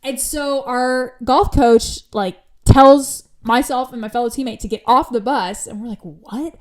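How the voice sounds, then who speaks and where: A young woman hosting a podcast, telling a personal story in a chatty, animated way with lots of asides. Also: sits high, a little slow. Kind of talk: casual storytelling.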